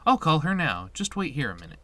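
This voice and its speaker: A man reading the lines of a calm, motherly older female school doctor in a slightly raised voice, in a game playthrough. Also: fairly high pitch, fairly quick, slight background noise. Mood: gently scolding. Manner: reads the on-screen dialogue aloud in a lightly lifted voice.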